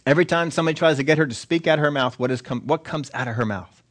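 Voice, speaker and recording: A man preaching a sermon as a pastor, animated and acting out the quotes he tells. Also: a little high, rapid-fire.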